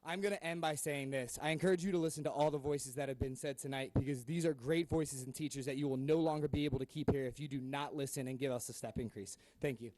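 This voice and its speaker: A man's voice: medium pitch, fairly even intonation, fast talker, hardly any pauses, darkish tone, no room sound, poor audio. A young man, a school department head, giving an earnest, impassioned public comment with frequent ums. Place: public board meeting room.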